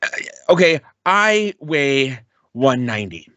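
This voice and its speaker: A man's voice: mid-range voice, big pitch swings, takes it slowly, bright, forceful tone, no room sound. A man co-hosting a podcast in crude, profane, casual banter, laughing often, on dull, dry lo-fi audio. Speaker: podcast co-host.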